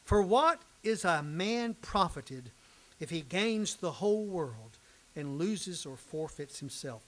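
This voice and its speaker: An older man leads a Bible class, reading scripture and then explaining it in a relaxed, folksy manner. His voice sits a touch higher than most men's. He circles back on phrases to drive them home and jokes easily with the class. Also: slow, rough recording.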